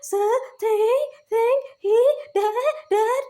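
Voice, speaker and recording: A woman's voice: very high-pitched, drawn-out words, warm tone, voice pushed up, heavily acted. A woman voicing whispering, taunting spirit voices that repeat themselves in a mocking sing-song.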